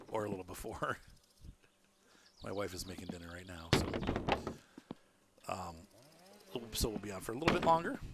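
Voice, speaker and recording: A talkative man streaming a game from home, his pitch rising and falling freely as he rambles and laughs along. Loud background noise runs under his voice throughout the recording. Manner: chatty and rambling, laughs often. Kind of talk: live gameplay stream commentary.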